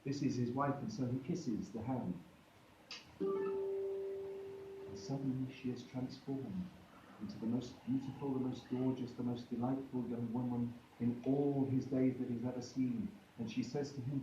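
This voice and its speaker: A male storyteller performs a comic folk tale live, playful and chatty, pausing to joke with his audience. His mid-range voice keeps fairly even intonation at a measured pace. The recording is noisy and dull, captured from afar in an echoey room with faint music.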